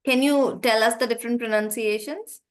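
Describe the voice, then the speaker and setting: A woman's voice: fairly high pitch, fairly even intonation, a little fast. A woman teaching English pronunciation in an online class, explaining patiently, stretching stressed syllables to demonstrate and calling on students by name. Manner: calls on students by name, asks "right?".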